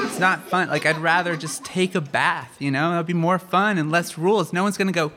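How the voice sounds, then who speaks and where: A man doing a kids' stand-up comedy set in a rambling, halting, self-deprecating way. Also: on the high side, fairly even intonation, very noisy.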